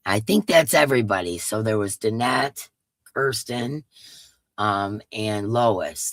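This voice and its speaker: A congested woman with a drawl, her nose stuffy, talks casually with her viewers and greets them by name. Her voice has a gravelly fry running through it. The recording is dry and close, with no room sound. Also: extremely low pitch, big pitch swings, measured pace, fairly bright tone, no echo. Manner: chatty, greets viewers one by one. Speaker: live stream host.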